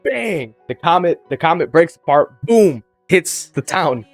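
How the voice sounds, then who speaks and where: A young man casually retelling a movie plot for a student project, joking, swearing freely and jumping up in pitch when he gets excited. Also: moderate pace, no room sound, soft background music. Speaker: student presenter.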